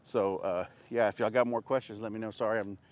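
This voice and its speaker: A man's voice: on the low side, steady tone, fairly quick. A man chatting on a livestream while walking outdoors, out of breath and panting between sentences. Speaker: barbecue vendor livestreaming. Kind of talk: casual livestream chat. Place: outdoors on a walk.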